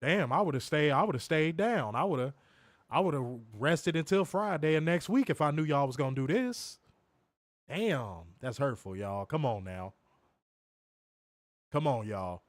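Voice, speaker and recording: A man co-hosting a casual live stream, talking loudly and profanely and teasing his viewers. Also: on the high side, lively intonation, measured pace, no room sound. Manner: loud, profane, teasing banter addressing viewers. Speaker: co-host of a wrestling review stream.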